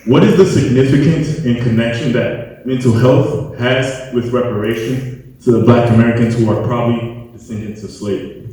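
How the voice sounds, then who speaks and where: A man's voice: medium pitch, moderate pace, dark tone, distant mic, a little hiss or hum. A man from the audience asking a formal question at a public forum, a little out of breath. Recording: echoey hall recording from afar.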